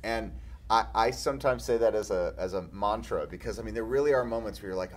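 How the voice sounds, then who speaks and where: A man's voice: lowish voice, fairly quick. A man, a film director, chatting casually and rambling through anecdotes with many restarts and stammers. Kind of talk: casual chat.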